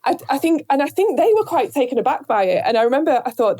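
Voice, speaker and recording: A woman from Northern England with a softened Northern accent, talking reflectively in an interview, searching for words with many pauses and restarts. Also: high-pitched, sing-song. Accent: Northern English, softened. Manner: thoughtful, hesitant, many fillers and restarts. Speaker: radio presenter, guest.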